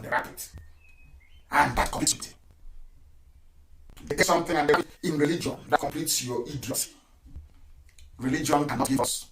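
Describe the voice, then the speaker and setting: A man's voice: medium pitch, roomy sound, low-quality recording. A middle-aged man with a Nigerian accent giving a live broadcast address, emphatic, repeating his phrases and chuckling between lines.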